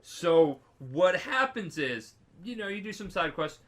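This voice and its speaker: A man's voice: high-pitched, big pitch swings, measured pace, a bit bright. A drunk man co-hosting a podcast, rambling and laughing, with many fillers and restarts. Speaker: podcast co-host. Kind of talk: casual chat.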